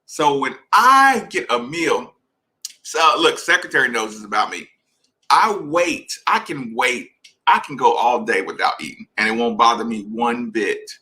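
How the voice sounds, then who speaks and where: A man telling a long story in a casual, animated way, speaking straight to his listeners. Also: medium pitch, unhurried, rough recording. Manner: animated, conversational, addresses listeners directly. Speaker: podcast host.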